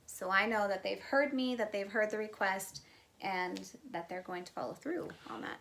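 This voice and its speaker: A woman's voice: medium pitch, steady tone, normal speed, gravelly, a bit bright. A woman co-hosting a parenting video at home, chatting casually, agreeing and adding her own examples. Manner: conversational, affirming and adding examples. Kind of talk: casual teaching chat.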